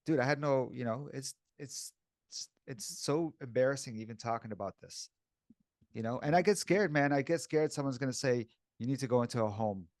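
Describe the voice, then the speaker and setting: A man's voice: mid-range voice, normal speed, no echo. Candid man chatting, dry sound. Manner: casual and candid, says "bro" and "dude" often. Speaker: podcast co-host. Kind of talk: casual podcast chat.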